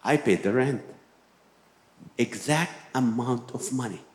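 A man's voice: medium pitch, slow, a little mellow. A man preaching a sermon as a pastor, telling a personal story and then urging his listeners with emphatic exhortations. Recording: roomy echoing hall.

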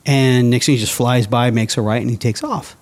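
A man's voice: mid-range voice, steady tone, a little fast. A man in an interview, telling a personal story casually and acting out his own past thoughts. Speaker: interview guest.

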